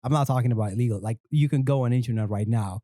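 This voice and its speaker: Male co-host, eager trivia-sharer, middle pitch, dry room. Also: racing, mellow, no room sound. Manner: chatty, eager to share facts. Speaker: podcast co-host. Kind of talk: casual chat.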